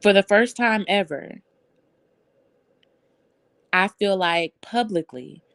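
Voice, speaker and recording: A woman's voice: medium pitch, takes it slowly, a bit bright, dry recording. A woman hosting a casual live stream, talking loosely and bluntly with lots of swearing and laughter.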